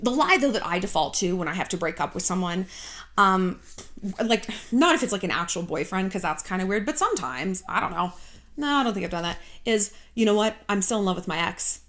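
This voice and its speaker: A woman in her thirties talks straight to the camera, handing out dating advice in a blunt, sarcastic way. She swears casually, keeps her voice at a middling pitch, and switches into jokey put-on voices to mock the people she describes. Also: lively intonation, a little fast, a bit bright. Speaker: YouTube dating advice host.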